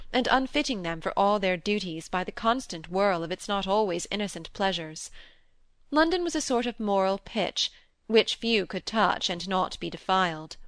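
A woman narrating a classic novel in a measured, even storytelling manner. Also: medium pitch, no room sound. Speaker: audiobook reader. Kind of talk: scripted narration.

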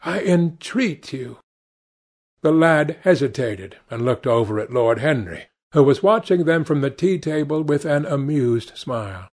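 A man narrating a classic novel for an audiobook in a measured, expressive way. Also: medium pitch. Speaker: audiobook reader.

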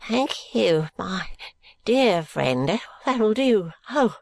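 A woman voicing a frail, miserly old man who is out of breath and gasps out shrill exclamations. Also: sing-song, extremely slow, creaky, darkish tone, no room sound, exaggerated voice. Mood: gasping.

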